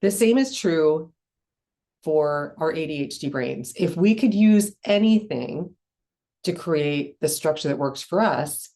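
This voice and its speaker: Low-voiced woman hosting a podcast. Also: warm tone. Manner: conversational, explanatory, with restarts and ums. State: chewing a cough drop after a cough. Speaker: podcast host. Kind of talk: solo podcast talk.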